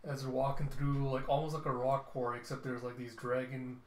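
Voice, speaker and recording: A man's voice: mid-range voice, level tone, a little fast. A man reviewing a comic book, narrating the panels in a loose, offhand way with fillers. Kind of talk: casual comic read-through narration. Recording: roomy echo.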